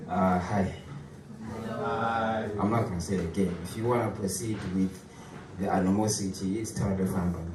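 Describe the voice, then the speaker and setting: A man's voice: low-pitched, steady tone, moderate pace, pauses often. A young man from Africa doing stand-up with a put-on British accent, chatty and self-deprecating, often restarting his sentences. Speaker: stand-up comedian. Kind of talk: stand-up comedy set. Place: comedy club stage. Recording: echoey room, far mic, crowd noise.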